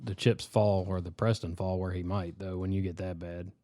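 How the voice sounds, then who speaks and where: A man's voice: deep voice, flat delivery, moderate pace, warm tone, dry recording. A man co-hosting a podcast, mostly chiming in with short agreements and teasing profane remarks. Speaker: podcast co-host. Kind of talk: casual chat.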